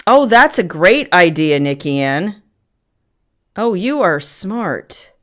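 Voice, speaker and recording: A middle-aged woman hosting a casual livestream from her family room, chatting warmly with viewers and greeting them by name between frequent ums. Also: medium pitch. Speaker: livestream host.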